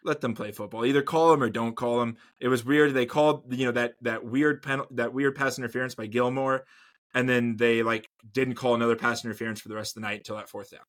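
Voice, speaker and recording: A man's voice: mid-range voice, steady tone, fast, fairly bright tone. A man co-hosting a podcast, chatting casually about football, rambling and repeating words as he goes. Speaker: podcast co-host. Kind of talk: casual sports chat.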